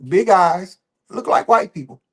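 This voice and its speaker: High-voiced man hosting a loose livestream. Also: animated, a little slow. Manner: loose and repetitive, restarting phrases, emphatic then trailing off quietly. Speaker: livestream host. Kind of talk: casual livestream talk.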